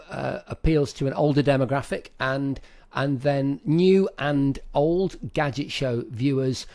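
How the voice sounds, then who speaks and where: A man's voice: mid-range voice, a little mellow. A man co-hosting a tech podcast, speaking like an enthusiastic presenter. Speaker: podcast co-host. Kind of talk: casual chat.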